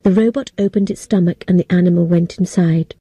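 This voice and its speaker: Dark-voiced woman reading an audiobook. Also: fairly low pitch, brisk, no echo. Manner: clear and steady, for language learners. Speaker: audiobook narrator. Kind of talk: scripted narration.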